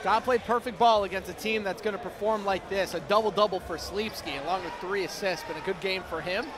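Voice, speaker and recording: A man calling an esports basketball game as play-by-play commentator, upbeat with quick stat call-outs. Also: high-pitched. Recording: game sounds and noise behind.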